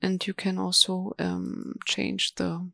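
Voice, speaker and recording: Female webinar presenter, halting and monotone, dry sound with mouse clicks. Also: on the low side, vocal fry, dry recording. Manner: slow, hesitant, many ums and restarts. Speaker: software presenter. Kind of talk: live software demo webinar.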